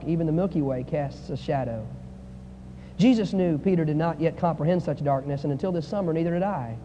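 Male preacher, high mellow voice, impassioned sermon delivery swinging loud and soft; dull lo-fi recording with a long hall echo. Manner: impassioned, swinging between soaring and hushed. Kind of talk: sermon with read-out testimony and prayer. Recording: echoey hall, dull lo-fi sound, faint noise.

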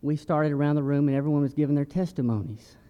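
A man's voice: fairly high pitch, steady tone, quick pace. Reflective man sharing church testimony. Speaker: church member giving mission testimony. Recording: muffled church hall recording.

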